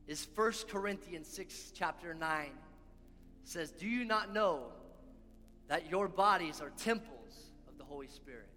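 A man's voice: on the high side, sharp tone. A man preaching a sermon as pastor, earnest and repeating key lines for emphasis. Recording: long hall reverb with faint music.

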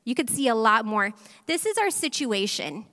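A woman pastor in her thirties preaching a sermon to a church audience, telling a personal story in an animated way and speaking directly to the crowd. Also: on the high side, normal speed. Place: large church hall. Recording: long hall reverb.

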